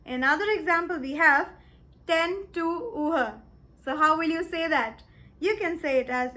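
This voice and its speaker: A young woman from India teaching German time phrases in a cheerful, encouraging online lesson, slowing down to spell out each phrase. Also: high voice, pushed and bright.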